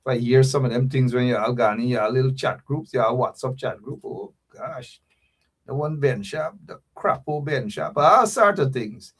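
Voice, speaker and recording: A man hosts a livestream talk show. He speaks straight to his viewers in an animated, teasing way. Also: mid-range voice, moderate pace, slightly rough.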